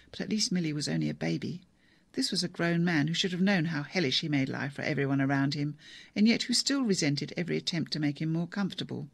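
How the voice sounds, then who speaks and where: A narrator reading a novel aloud in a measured, even storytelling manner. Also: mid-range voice, creaky, husky, no echo. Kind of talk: audiobook narration.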